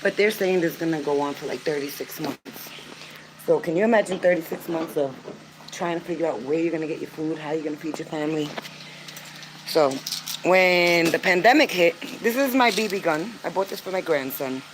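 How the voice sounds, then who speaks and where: A woman's voice: low voice, brisk, noisy background. An older woman vlogging casually to camera, chatty and earnest, with frequent filler words. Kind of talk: casual vlog talk to camera.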